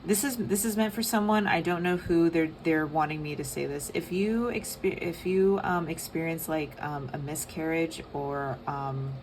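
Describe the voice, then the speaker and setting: A young woman giving a casual tarot reading, soft and rambling with many fillers. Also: deep voice, normal speed, hardly any pauses, slight background noise. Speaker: tarot reader.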